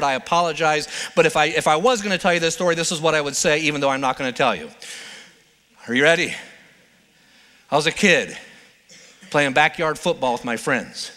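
A man's voice: a little high, sharp tone, in a large hall. A male pastor preaching a sermon in a playful, conversational storytelling manner.

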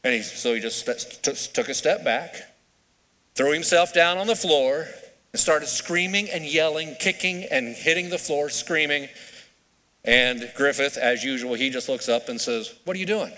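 A man preaches in a high, bright voice, chatting with his congregation and tossing questions to them. His words ring out through a large hall with a long reverb. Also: measured pace. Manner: conversational, asks the congregation questions. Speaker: pastor. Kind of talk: sermon.

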